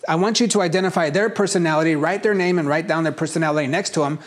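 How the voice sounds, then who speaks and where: A man teaching a casual workshop on personality types, talking in a conversational, animated way and acting out examples. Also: on the high side, very fast.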